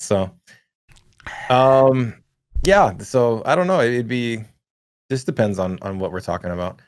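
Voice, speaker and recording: A man co-hosting a casual gaming podcast, laid-back and quick to laugh, with lots of fillers, reading chat messages aloud. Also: mid-range voice, lively intonation, dry recording. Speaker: podcast co-host.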